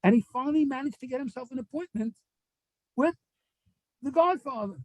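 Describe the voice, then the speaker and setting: A man telling a story in a Torah class, animated and acting out the dialogue. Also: very high voice, brisk, dry recording, rough recording. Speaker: rabbi giving a Torah class.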